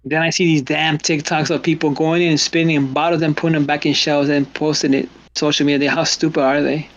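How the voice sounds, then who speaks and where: A middle-aged man hosts a stream, chatting casually in a slightly high, flat, brisk voice. He rambles and repeats words, quoting people in exclaiming voices, and the stream audio is dull and lo-fi.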